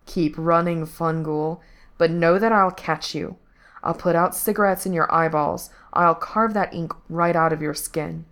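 A cold, menacing male villain, as a woman reading the story puts him on. He speaks in a low, hushed, measured way, each threat slow and deliberate. The voice sits a little deep. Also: fairly even intonation. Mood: growling threat.

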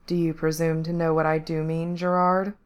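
Woman reading as a cold villain guy, low and hushed, slow creepy threats in a storybook reading. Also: flat delivery, smooth, natural voice. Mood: soft menace. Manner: quiet, measured, threatening. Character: cold menacing male villain, soft-spoken.

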